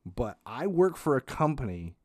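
A man hosting a podcast, telling a comic family story in a casual, animated way, swearing, restarting sentences and laughing as he goes. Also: mid-range voice, moderate pace, no room sound, studio quality. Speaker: podcast host.

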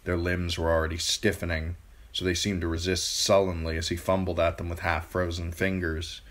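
Deep-voiced man reading a novel slowly. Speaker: audiobook reader. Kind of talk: amateur audiobook narration.

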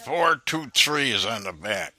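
A man posing as a confused caller on a prank phone call, gruff and impatient, complaining he can't follow. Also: a little high, animated, unhurried, bright, forceful tone. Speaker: scam baiter posing as an older caller.

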